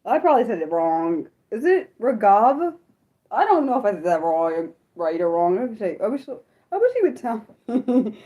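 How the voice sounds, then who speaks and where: A young adult woman chatting casually on her livestream, apologetic and self-deprecating, swearing a lot and swinging from high laughing squeals to low mutters. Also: sing-song, moderate pace, phone-quality sound. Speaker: livestream host. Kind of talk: unscripted livestream chat with viewers.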